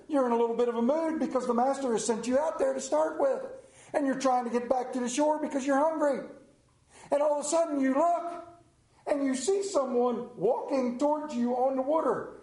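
In an echoey room full of congregants, a middle-aged pastor preaches at an ordinary pace. His storytelling is vivid: he performs the scenes with wide swings in pitch, then abruptly falls to a near-whisper.

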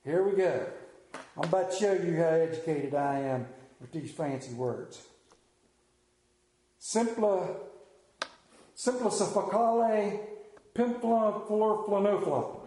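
A man's voice: on the high side, steady tone, moderate pace, dark tone, a little hiss or hum. A man preaching a Mother's Day sermon, shifting from solemn passages to folksy jokes. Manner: folksy, joking storyteller. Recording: roomy hall echo.

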